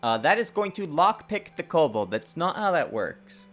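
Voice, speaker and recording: A man streaming his game development work, talking to himself in a lively, self-mocking way. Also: on the high side, moderate pace, soft background music. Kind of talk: casual livestream dev commentary.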